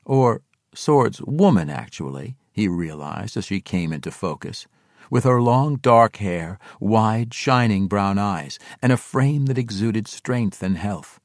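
Expressive male fantasy audiobook narrator. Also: on the low side, slow pace, dry recording, clean studio sound. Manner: expressive, dramatic.

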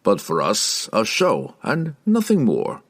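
A genial, breezy man with a deep voice that swings up and down, as a male narrator puts him on. His lines sound light and dismissive. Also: wildly swooping pitch, takes it slowly, slightly rough, exaggerated voice.

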